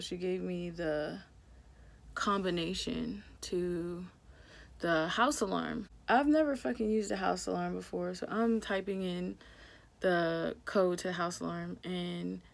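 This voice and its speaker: A woman's voice: lowish voice, creaky. A young woman vlogger chatting casually while doing her makeup, telling a story with lots of "like" and swearing. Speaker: beauty vlogger.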